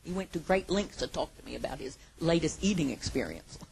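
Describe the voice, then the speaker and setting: A woman preaching a sermon with passion, her voice moving between hushed and loud. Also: low-pitched, animated, normal speed, vocal fry, long pauses, slightly rough, rough recording.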